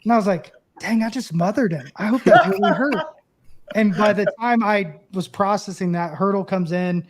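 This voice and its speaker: A man with a high-pitched voice, chatting casually as an interview guest. He tells animated stories and slips into the voices of the people in them. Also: moderate pace, a crowd in the background. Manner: animated storyteller, acts out quoted voices. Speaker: former catcher and broadcast analyst guest.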